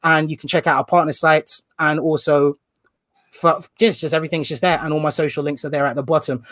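A man hosting a casual podcast, energetic and slangy, joking as he runs through plugs. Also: a little high, brisk, no room sound, clean studio sound. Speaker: podcast host.

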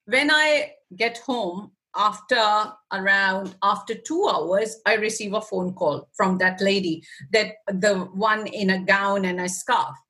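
A woman's voice: medium pitch, slow, hardly any pauses, pushed and bright. A woman guest in an interview telling an emotional personal story, acting out her own past words and often laughing.

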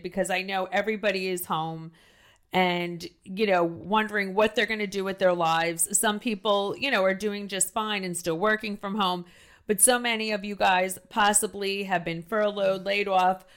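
A middle-aged woman with a strong New Jersey accent hosts a casual podcast chat. She talks loudly and gushes, tripping over her words and restarting sentences as she goes. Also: mid-range voice, fairly even intonation, moderate pace. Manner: loud, gushing, trails into restarts. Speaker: podcast host.

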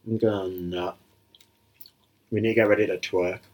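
A man's voice: lowish voice, fairly even intonation, moderate pace, darkish tone. A man co-hosting a casual film commentary, joking crudely and rambling as he watches.

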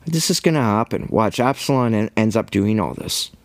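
Man, casual bible teaching, animated storyteller, acts out voices, dry close sound. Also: fairly low pitch, moderate pace, few pauses, dry recording. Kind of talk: informal bible study sermon.

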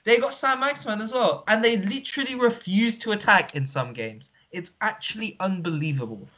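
A man's voice: high voice, expressive, a little fast, sharp tone. A young man on a football podcast panel, ranting sarcastically and swearing. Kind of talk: casual football chat.

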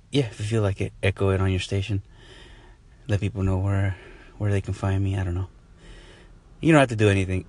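A man hosting his own podcast, wrapping up an episode in a casual, rambling way with frequent chuckles and self-deprecating asides. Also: on the low side. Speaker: podcast host. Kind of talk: casual solo podcast outro.

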